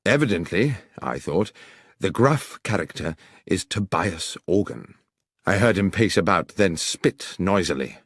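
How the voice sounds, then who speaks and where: A man narrating an audiobook story with a deep, husky voice and a lively, swinging melody. His telling is dramatic and expressive, close to the mic in a dry studio. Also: measured pace, dry recording. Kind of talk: scripted first-person story narration.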